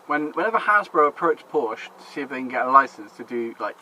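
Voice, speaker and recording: A man's voice: medium pitch, lively intonation, fast, pushed and bright, rough recording. A man in casual chat, rambling and swearing, laughing often. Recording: faint background noise.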